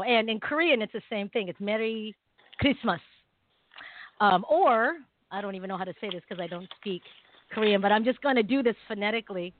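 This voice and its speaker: A woman's voice: a little high, no echo. A woman from the Philippines co-hosting a casual talk radio show, giggling as she tries out holiday greetings. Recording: tinny phone-line sound.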